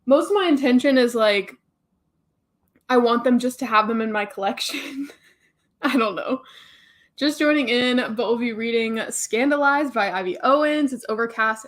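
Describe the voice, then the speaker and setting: A young woman hosting a casual reading live stream, chatting and answering viewer comments. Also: a little high. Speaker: booktube host reading live chat.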